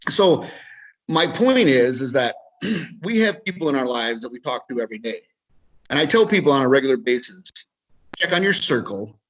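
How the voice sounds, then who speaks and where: A man's voice: fairly high pitch, fairly bright tone, rough recording. A man with an Upper Midwest American accent giving a webinar talk, telling a story in a casual way, repeating words and acting out both sides of a conversation. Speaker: webinar speaker. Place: video webinar.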